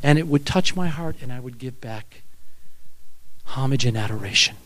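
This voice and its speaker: A man's voice: mid-range voice, normal speed, a bit bright, no echo, pitched below the performer's own voice, lightly acted. A man voicing an elderly man who speaks bluntly and earnestly while telling his story during a sermon. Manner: emphatic, calling out.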